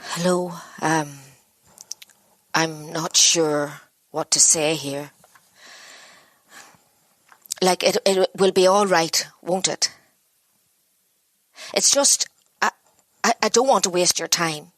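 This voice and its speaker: A woman's voice: fairly low pitch, steady tone, a bit bright, dry recording. A worn-down, self-blaming mother. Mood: hesitant. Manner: halting, broken, inward monologue. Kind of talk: dramatic monologue.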